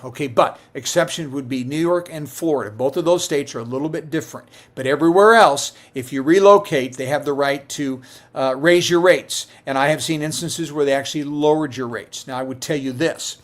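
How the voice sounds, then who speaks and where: A middle-aged man who works as a Medicare insurance agent, answering viewer questions on a live stream in a conversational way, with many fillers and restarts. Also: fairly high pitch.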